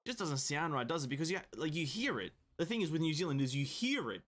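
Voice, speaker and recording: A man's voice: fairly high pitch, sing-song, quick pace, a bit bright. An Australian man streaming a game, chatting casually into a desk mic, rambling and restarting sentences with the odd offhand swear. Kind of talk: casual chat while gaming.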